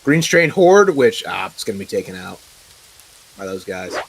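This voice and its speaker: Relaxed man thinking aloud while gaming. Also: low voice, moderate pace, vocal fry, a little hiss or hum. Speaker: game player. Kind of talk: casual co-op gaming chat.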